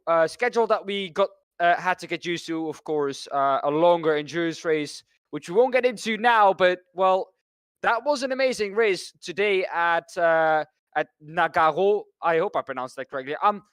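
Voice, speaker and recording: A man's voice: high voice, fairly bright tone, clear, resonant tone, no room sound. A man from the Netherlands, commentating a sim racing broadcast and walking through schedules and standings. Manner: talks through schedules and standings, pausing on names. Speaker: race commentator.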